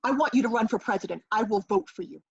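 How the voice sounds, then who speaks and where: A woman improvising a comedy scene over a video call, brash and rambling with a deadpan edge. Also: fairly high pitch, fast talker, creaky, husky. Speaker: improv performer. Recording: dull lo-fi video call audio.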